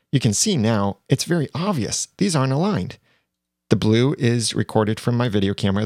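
A man teaching video editing software in a plain, step-by-step way, recorded on a lavalier mic. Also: lowish voice, no echo, studio quality. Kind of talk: screen-recorded software tutorial.

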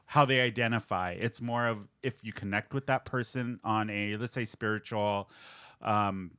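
A man hosting a podcast, telling stories in casual chat with quick laughs. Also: on the low side, clean tone, dry recording. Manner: animated storyteller, quick laughs. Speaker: podcast host.

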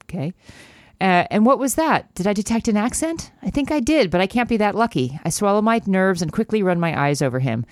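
An American woman co-hosts a podcast, giggling and chatting as she reads a romance novel aloud in a low, mock-dramatic voice, even trying a bad British accent. She speaks a little fast with lively intonation and a darkish tone. The recording is dry and studio quality.

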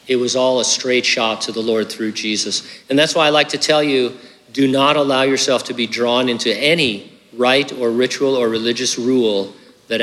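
A man's voice: mid-range voice, fairly bright tone, long reverb tail. A man preaching a sermon as pastor, earnest and conversational, with hiccups and casual asides.

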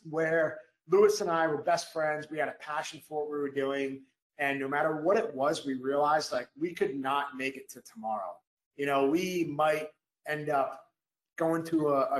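Male guest, ex-SEAL, emphatic storyteller, higher voice, echoey live studio. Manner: emphatic, energetic, repeats phrases for punch. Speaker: guest, former Navy SEAL. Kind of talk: storytelling in a live podcast interview. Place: podcast studio at a live event.

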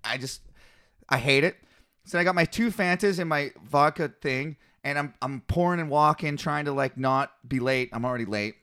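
A man's voice: a little high, moderate pace, clean tone, dry recording, studio quality. A young man in casual chat, telling stories with lots of swearing and laughter, co-hosting a conversation. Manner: swearing, animated storytelling with laughs. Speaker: co-host.

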